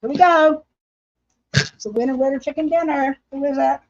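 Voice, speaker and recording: A woman whose voice sits high talks at normal speed. She's hosting a casual craft livestream from home, painting while she chats and laughs with viewers, and the recording is dull lo-fi livestream audio.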